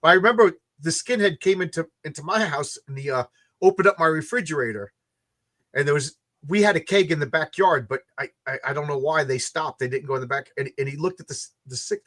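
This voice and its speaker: A tired comic book creator hosts a late-night launch stream chat, telling rambling stories full of restarts and repeated words. His voice is a little high and a bit bright, and he talks at a quick pace.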